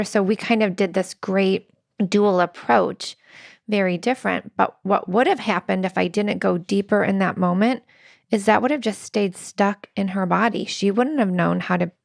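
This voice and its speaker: A woman's voice: mid-range voice, steady tone, moderate pace, creaky, no echo, clean studio sound. A woman co-hosting a relationship podcast, telling earnest personal stories with quoted dialogue. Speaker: podcast co-host. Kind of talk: relationship advice conversation.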